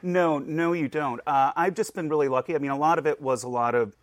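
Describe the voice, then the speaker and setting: A man who directs a museum's collections, giving relaxed, friendly interview answers that ramble a little with fillers. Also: on the high side, a little fast, dry recording.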